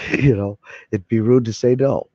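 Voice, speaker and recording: A man's voice: on the low side, fairly even intonation, unhurried, mellow, dry recording. A man live streaming, chatting casually to his viewers in a rambling, folksy way and swearing freely. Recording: dull lo-fi mic.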